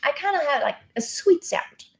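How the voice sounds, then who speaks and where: A woman's voice: high voice, expressive, moderate pace, vocal fry. A woman singing teacher talking casually through a vocal lesson, breaking off to demonstrate. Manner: chatty, demonstrating by singing snippets. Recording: loud music playing behind.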